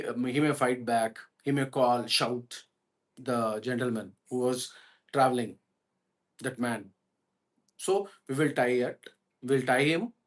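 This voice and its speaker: A man voicing a calm, reasoning robber. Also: mid-range voice, close to an everyday voice. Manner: pleading, reasoning. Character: male robber, calm, talks others out of killing.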